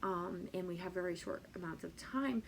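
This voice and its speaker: Creaky-voiced woman teacher, chatty. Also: lowish voice, moderate pace, a little hiss or hum. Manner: chatty, many ums, playful sing-song when reciting. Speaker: Spanish teacher. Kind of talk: teacher training talk.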